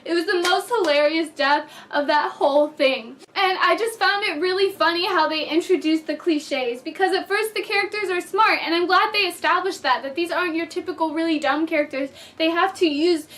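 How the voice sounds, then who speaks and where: A bubbly woman chatting through a casual movie review with a bright, high voice. She talks like she's telling friends about it and keeps slipping into giggles. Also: normal speed, hardly any pauses.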